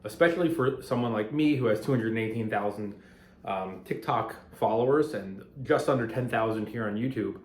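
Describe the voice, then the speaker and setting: A man's voice: on the low side, a little fast, a little hiss or hum. A man who makes finance videos, talking at home in a rambling, conversational way that grows heated and emphatic. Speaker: finance content creator. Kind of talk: casual talking-head vlog. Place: apartment at home. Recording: roomy echo of a home room.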